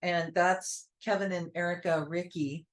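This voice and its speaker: A woman co-hosting a casual chat about cross-stitching, talking in a relaxed, conversational way. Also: fairly low pitch, measured pace.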